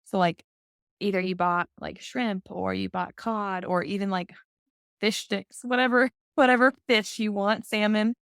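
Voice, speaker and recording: Chatty young woman, gravelly edge. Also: mid-range voice, steady tone, measured pace, no echo, studio quality. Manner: chatty, filler-heavy, laughs often. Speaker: podcast co-host. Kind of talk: casual chat.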